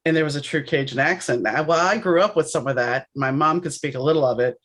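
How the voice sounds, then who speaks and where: A woman from New Orleans hosting a podcast, chatting in a reflective, animated way. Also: sits low, quick pace. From New Orleans, USA. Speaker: podcast host. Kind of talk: casual interview chat.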